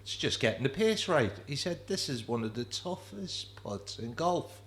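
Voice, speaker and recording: A man's voice: medium pitch, big pitch swings, normal speed, a bit bright. Man, co-host, clubhouse chat, easygoing, short replies. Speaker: podcast co-host. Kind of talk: casual pub chat. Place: rugby clubhouse bar.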